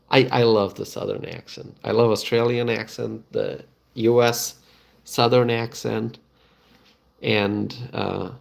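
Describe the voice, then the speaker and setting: A middle-aged man, hosting a casual live stream and chatting to viewers, halting and full of fillers and restarts. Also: on the low side, fairly even intonation, creaky. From Bangladesh.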